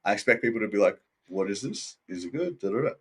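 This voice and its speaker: A man's voice: lowish voice, expressive, quick pace, a bit bright, breathy edge. A man being interviewed, rambling in a laid-back way, saying "dude" and "like" a lot and acting out what others said. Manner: acts out quoted people in his story. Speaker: interview guest. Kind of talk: casual interview chat.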